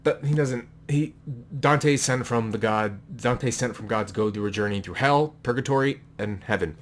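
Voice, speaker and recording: A man's voice: mid-range voice, normal speed. A man chatting casually to the camera at home, rambling and correcting himself as he goes, with an offhand, slightly crude manner. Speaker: vlogger showing his book collection. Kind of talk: casual chat. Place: indoors at home with a noise in the room. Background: a distracting noise in the room.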